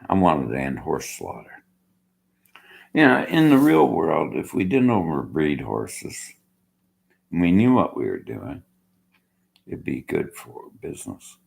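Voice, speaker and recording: Very deep, gravelly older man. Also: huge pitch swings, a little slow, pauses often, a little mellow. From Canada. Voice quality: slurred-sounding speech. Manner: bitter, argumentative. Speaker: vlogger. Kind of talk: rambling rant to camera.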